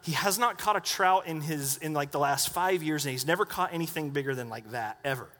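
A middle-aged pastor tells his congregation a chatty story packed with asides and acted-out quotes. His voice is on the high side, brisk and a bit bright, with the long reverb of a church sanctuary.

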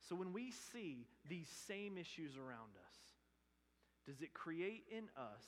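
A man's voice: on the high side, very animated, a little slow. Impassioned male pastor in a reverberant church. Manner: impassioned, swings from loud emphatic to hushed earnest. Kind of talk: sermon. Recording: long hall reverb.

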